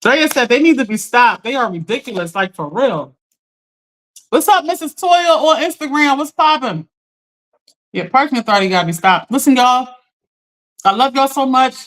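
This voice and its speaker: A woman hosting a live stream, telling a story in an animated, chatty way, talking straight to her viewers and laughing often. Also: on the high side. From Philadelphia. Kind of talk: casual storytelling to a live audience.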